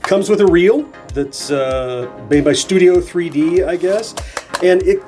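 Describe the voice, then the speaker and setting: A man's voice: sits high, unhurried. A man in his forties hosting a nostalgia channel, chatting enthusiastically while unboxing and thinking aloud. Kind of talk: casual unboxing narration. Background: soft background music.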